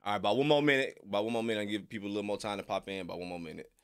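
A man's voice: on the low side, fairly even intonation, racing, smooth. A man hosting a live stream in casual chat, laid-back and slangy, reading viewers' messages aloud.

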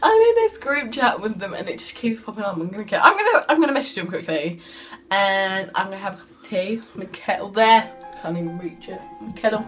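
A woman's voice: medium pitch, animated, a little fast, a bit bright, faint music behind. A teenage girl, vlogging in a rambling, chatty way and calling people sweetheart and darling. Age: teens. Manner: rambling, jumps from subject to subject. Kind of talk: casual chatty vlog.

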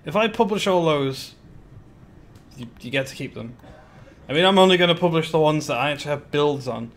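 A man's voice: a little high, lively intonation, a little fast. A man chatting casually on a live stream while building in a game, greeting viewers by name with giggly asides.

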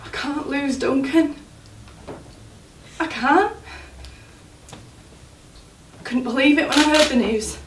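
Actress playing a grieving young fiancée, distant and roomy. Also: female voice, high voice, a little hiss or hum. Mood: anxious, tearful. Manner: emotional, halting, tearful. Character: young woman, grieving fiancée, anxious and devoted. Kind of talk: stage play monologue.

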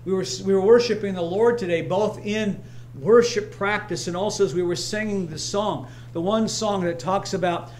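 A man preaching in a high, ringing voice, hammering home repeated phrases and drifting into homely personal stories. A faint hum sits under his words in the church. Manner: emphatic, repetitive, personal storytelling. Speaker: pastor. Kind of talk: sermon. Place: church sanctuary, streamed live.

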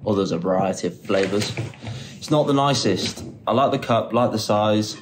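A young man vlogging on a trip, excitable and swearing casually, filmed on a handheld camera. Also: lowish voice, normal speed. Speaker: travel vlogger. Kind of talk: casual vlog chat. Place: out and about on a city trip. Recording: noisy ambient background.

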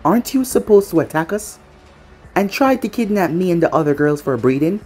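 A woman's voice: lowish voice, very animated, brisk, a little mellow, breathy edge, soft background music. A woman voicing a flustered young female soldier who stammers.

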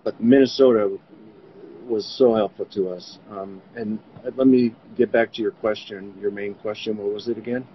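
Soft-spoken grieving man, muffled call audio. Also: steady tone, slight background noise. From New York. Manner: halting, grief-stricken, voice drops low. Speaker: interviewee, bereaved father. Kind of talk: remote interview.

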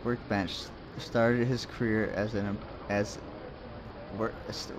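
A man with a fairly low voice talks through a game as he plays, rambling and muttering to himself with offhand jokes. A faint hiss sits under the recording. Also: level tone, takes it slowly. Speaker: let's play host. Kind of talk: casual gameplay commentary.

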